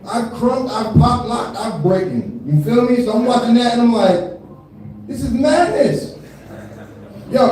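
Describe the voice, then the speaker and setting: Captured from far off in an echoey comedy venue, a thirtysomething comic does a live set full of profanity, frequent laughter and filler tags. His voice is high with a dark tone.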